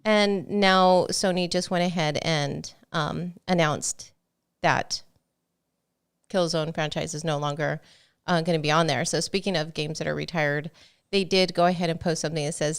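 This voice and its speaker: A woman's voice: sits low, steady tone, normal speed, clean tone. A middle-aged woman co-hosting a gaming podcast, reading news items in easygoing casual chat. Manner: easygoing, laughs often. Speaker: podcast co-host.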